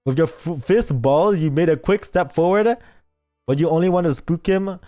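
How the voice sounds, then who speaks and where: A man's voice: fairly high pitch, moderate pace, dark tone, faint music behind. A man streaming as a VTuber, reading a story game aloud and breaking off for teasing asides to chat. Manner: playful, reads lines aloud and reacts with teasing asides.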